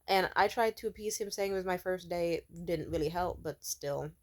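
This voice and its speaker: A young woman with a fairly low voice rants casually from her home. She rambles and swears often. She fills her speech with "like.". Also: normal speed. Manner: rambling, profane, many "like" fillers. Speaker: vlogger. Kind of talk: casual storytelling rant. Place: at home, sitting.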